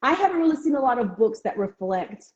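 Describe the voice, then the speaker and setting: A woman author chatting casually in an interview, full of ums and restarts. She often acts out other people's reactions in a high, excited voice. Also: fast. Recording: echoey, dull lo-fi call audio.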